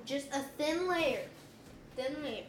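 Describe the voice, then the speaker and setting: A woman's voice: high voice, lively intonation, takes it slowly. A woman co-hosting a podcast in casual chat, teasing and dry, mostly giving short replies. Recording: loud background noise with clicks.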